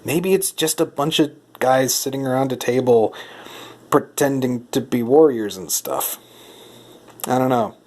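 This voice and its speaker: A man's voice: medium pitch, unhurried, darkish tone. Man, mid-range voice, mock-serious vlogger who feigns outrage in a comedic monologue and keeps asking questions to a silent sidekick. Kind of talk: comedic monologue while reading rulebooks.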